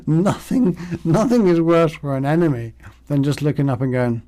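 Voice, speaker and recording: A man's voice: a little high, measured pace, dark tone. A man teaching meditation in a casual, rambling way, acting out the thoughts in his head. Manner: rambling and conversational, acts out inner thoughts.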